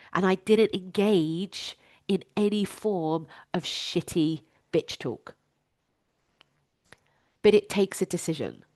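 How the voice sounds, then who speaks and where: A woman's voice: on the low side, a little mellow, no room sound, studio quality. A woman, a life coach hosting her own podcast, talking candidly and emphatically, swearing freely.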